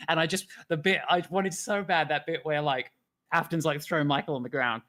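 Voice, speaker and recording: A man's voice: fairly high pitch, fairly even intonation, a little fast, bright, forceful tone. A man chatting casually on a live stream, rambling, laughing often and swearing freely. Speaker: guest animator.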